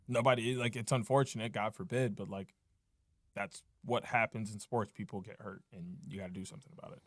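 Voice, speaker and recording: A young man co-hosting a sports podcast, chatting casually with quick, sarcastic asides. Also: fairly low pitch, steady tone, no room sound, clean studio sound. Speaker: podcast co-host.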